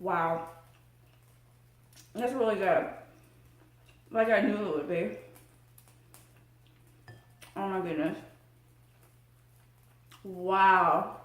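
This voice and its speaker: A woman hosting a casual eating vlog who talks in a bubbly, excited way between bites. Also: medium pitch, extremely slow, long pauses. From Tampa, Florida area. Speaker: mukbang vlogger. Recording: echoey room.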